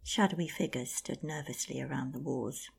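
Woman storyteller, low husky voice, gravelly fry, hushed half-whisper, myth retelling. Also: normal speed, slight background noise.

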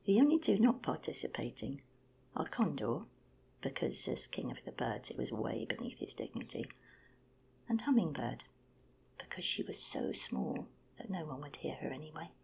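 A woman telling an animal fable in a whispered, expressive storytelling voice. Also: sits low, moderate pace, gravelly, slight background noise. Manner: lively, expressive narration.

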